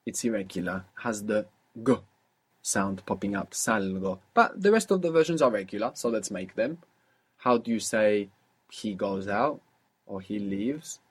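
Male language teacher, slightly husky, patient, quizzes a learner and repeats answers back. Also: on the low side, animated, measured pace. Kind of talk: guided spoken lesson.

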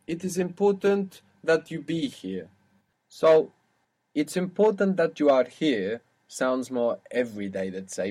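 A man teaching a language lesson, explaining step by step and quizzing his student. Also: medium pitch.

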